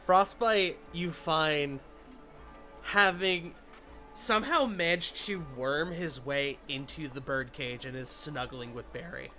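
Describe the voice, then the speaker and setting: A man running a tabletop game as game master, narrating scenes in a casual, animated way with swearing. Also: on the high side, slow, faint music behind.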